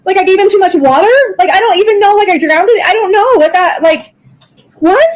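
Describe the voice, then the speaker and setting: A woman's voice: very high voice, fairly quick, poor audio. A distraught woman talking casually in a private conversation, emotional and swearing, with exclamations. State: upset and distraught. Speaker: widow in a recorded private call.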